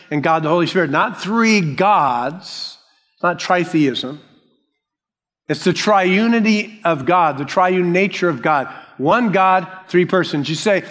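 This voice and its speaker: Man, pastor, emphatic sermon delivery, very slow pace, reverberant church hall. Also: sits high, fairly bright tone. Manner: slow, emphatic preaching with repeated phrases.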